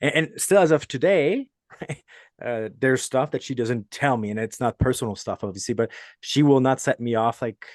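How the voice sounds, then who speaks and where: A man's voice: medium pitch, normal speed, dry recording. French Canadian man, rambling, dry sound. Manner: earnest, rambling, laughs often while telling stories. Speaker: podcast host. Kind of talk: casual podcast chat.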